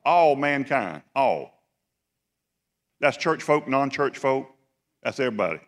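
A man's voice: mid-range voice, big pitch swings, measured pace. A man preaching a Sunday sermon. He talks with emphasis, repeats phrases and asks the congregation questions. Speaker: pastor. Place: large church sanctuary. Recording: long echo of a church hall.

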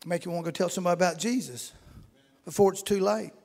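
High-pitched gravelly middle-aged male preacher. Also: fast. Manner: folksy storytelling, acts out shouting congregants. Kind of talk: sermon.

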